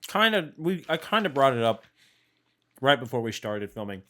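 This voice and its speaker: An easygoing young man co-hosting a casual snack-tasting podcast, with a voice of ordinary pitch for a man. He talks through bites of food in a relaxed way. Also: normal speed. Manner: easygoing, chats while chewing. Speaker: podcast co-host.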